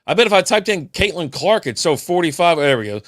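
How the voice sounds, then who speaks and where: A man's voice: on the high side, big pitch swings, a little fast, fairly bright tone, no room sound. An older man hosting a casual solo beer podcast, telling rambling, profane stories with dry asides. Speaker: podcast host.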